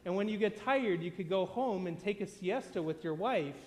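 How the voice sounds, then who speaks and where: A man's voice: animated, normal speed, a little mellow. A man doing a pushy American business executive. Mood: persuasive. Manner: confident, persuasive sales pitch. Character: self-assured American male business executive, eager to advise. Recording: long hall reverb.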